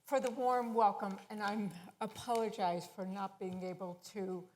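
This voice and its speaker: A woman's voice: mid-range voice, steady tone, normal speed, darkish tone, big-room sound. A middle-aged woman from Buffalo, New York, with a Buffalo accent, giving chatty personal remarks at a synagogue service. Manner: chatty, with frequent fillers. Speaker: guest speaker, honoree's daughter.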